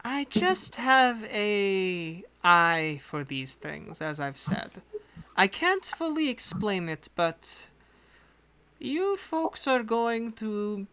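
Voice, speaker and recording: A woman's voice: medium pitch, a bit bright, clean tone, heavily acted. A woman voicing a composed, secretive female patron who speaks formally with a put-on accent. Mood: guarded. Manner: formal, measured, polite speech in a put-on accent. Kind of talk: in-character tabletop narration.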